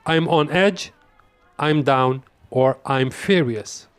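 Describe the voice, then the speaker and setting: Slow, deliberate male English teacher. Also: medium pitch, clean tone, no echo, soft background music. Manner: slow, deliberate, repeats example phrases. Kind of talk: quiz-style language lesson.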